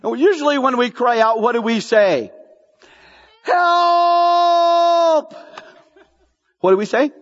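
A male pastor with a very high-pitched voice preaches briskly, barely pausing, as he repeats key phrases for emphasis and fires questions at the congregation in an animated sermon. The recording is dull, with long hall reverb.

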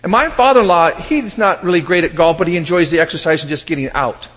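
A man preaching a sermon, telling lively humorous stories and acting out the people in them. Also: fairly high pitch, fast, long reverb tail. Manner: animated storytelling, shouting in character. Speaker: pastor.

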